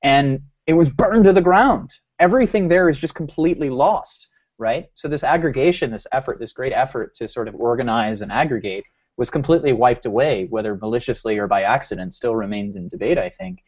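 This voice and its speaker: A man co-hosts a casual podcast and thinks aloud, circling back and restarting his sentences as he goes. His voice sits at an ordinary pitch for a man. The audio is slightly dull and lo-fi. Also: a little fast, darkish tone. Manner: rambling, with many restarts and fillers. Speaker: podcast co-host.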